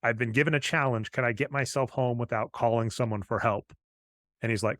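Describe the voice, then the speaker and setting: A man's voice: mid-range voice, steady tone, brisk, fairly bright tone, no echo. A man co-hosting a podcast, casually retelling film scenes and quoting the characters' lines. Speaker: podcast co-host. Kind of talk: casual chat recapping a film.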